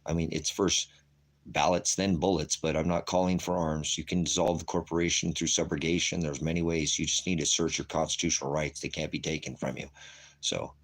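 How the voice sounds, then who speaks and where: A man's voice: rumbling low, level tone, a little fast. A man streaming a rambling, profane rant to viewers as a preacher. He keeps calling them brothers and sisters, jumps between topics and restarts his sentences.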